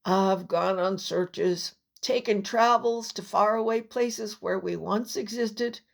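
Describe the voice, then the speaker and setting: Woman reading an old dragon in a storybook, sober, slow and soft-spoken. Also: medium pitch, animated, gravelly, heavily acted. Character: wise old male dragon, lonely, last of his kind.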